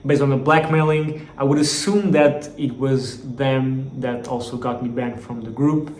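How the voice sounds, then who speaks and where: A man's voice: medium pitch, steady tone, measured pace. Rambling man vlogging in an echoey room. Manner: rambling, with many fillers and restarts. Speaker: startup founder giving a status update. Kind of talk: casual vlog monologue. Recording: roomy echo, faint background ambience.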